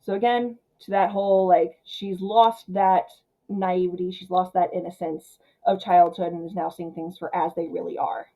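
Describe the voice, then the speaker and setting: A woman hosting a casual film recap, chatty and full of filler words, who acts out the characters' lines in quick paraphrase. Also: fairly low pitch, little pitch movement, mellow, poor audio. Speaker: film channel host.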